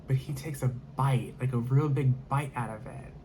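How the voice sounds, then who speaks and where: A man's voice: mid-range voice, normal speed, noisy background. A man telling a personal story in a casual monologue, rambling with lots of fillers and restarts.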